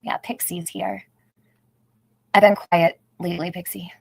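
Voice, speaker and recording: Woman, middle-aged, livestream host, casual chat, greets viewers by name, slightly low voice, dry close sound. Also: level tone, measured pace, gravelly, husky, no room sound, rough recording. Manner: chatty, greets viewers by name, laughs often.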